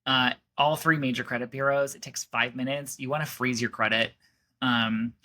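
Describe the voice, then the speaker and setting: A man's voice: medium pitch, steady tone, moderate pace, pushed and bright. A man giving a casual astrology forecast, chatty and rambling, with many fillers and restarts.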